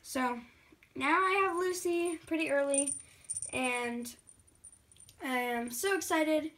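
A young woman vlogging casually at home in a chatty, excitable way, often quoting what others said. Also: sits high, takes it slowly, pauses often. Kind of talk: casual vlog chat to camera.

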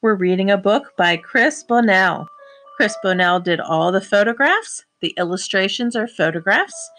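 A woman teacher reading a picture book aloud to young children, slowly sounding out words and praising them. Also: mid-range voice, a bit bright. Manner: slow, encouraging, sounds out words.

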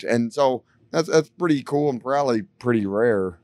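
A man from Detroit talks loosely and animatedly in an interview, piling up fillers as he tells his stories. His voice sits at an ordinary middle pitch. The recording is dry and close. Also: normal speed, few pauses, dry recording. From Detroit, USA. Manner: rambling, animated storytelling with many fillers. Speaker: band frontman interviewed. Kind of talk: casual interview chat. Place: bar venue backstage.

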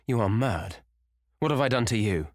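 A cornered young gentleman pitched well above his reader's deep voice, a man doing him, gasping and stammering with a bright, strained edge. The performance climbs high and sharp, swinging from fear to haughty command. It is dry and close, with no room around it. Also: animated, normal speed, no echo. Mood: terrified. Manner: gasping, stammering, rising to triumphant and stern.

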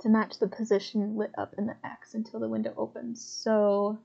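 Woman game streamer, higher-pitched, casual and profane, laughs and chats with viewers, dull lo-fi stream recording. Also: moderate pace, gravelly, hardly any pauses, warm tone, slightly rough. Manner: puzzled, swears, reads chat aloud, laughs often. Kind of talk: casual live gameplay commentary.

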